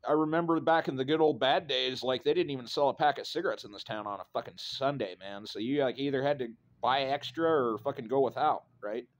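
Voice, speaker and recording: A man's voice: medium pitch, a little fast, hardly any pauses. A middle-aged man from Idaho telling a personal story in a casual, rambling way, swearing freely and tagging lines with "right?" and "you know.". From Idaho, USA.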